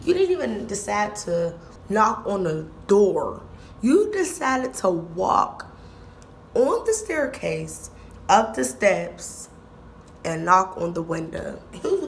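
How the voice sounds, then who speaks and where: A woman's voice: mid-range voice, creaky, slight background noise. A young woman vlogger telling a story in casual, slangy speech, repeating lines for emphasis.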